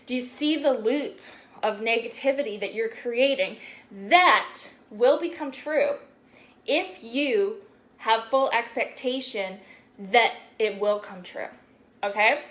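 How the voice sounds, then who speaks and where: A woman's voice: fairly high pitch, takes it slowly, fairly bright tone. A young woman spiritual coach talking casually on a live stream, chatty and full of "like"s and swearing. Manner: chatty, swears often, many "like"s.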